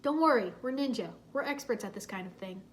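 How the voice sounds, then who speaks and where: A brash young male ninja teases and boasts, as a woman reads his lines. His tone is cocky and lively. It comes from a storybook read aloud. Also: fairly high pitch, brisk, a little hiss or hum, lightly acted. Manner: teasing and boastful.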